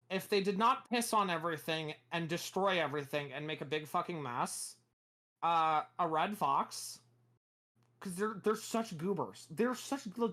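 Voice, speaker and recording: Us streamer chatting on stream, bright edgy voice, curses a lot, keeps restarting. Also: mid-range voice. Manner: rambling, swears a lot, restarts sentences. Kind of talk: casual chat on a livestream.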